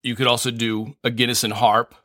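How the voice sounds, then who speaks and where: A man hosting a comedy podcast, talking in a deadpan, jokey know-it-all way. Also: mid-range voice, a little fast, no room sound, clean studio sound. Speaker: podcast host. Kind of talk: casual comedic chat.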